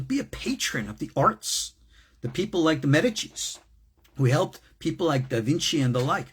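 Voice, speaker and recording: Husky rabbi guy teaching, swoops all over the place, chatty and emphatic. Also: on the high side, a bit bright. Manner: emphatic, conversational, with asides. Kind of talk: recorded lecture.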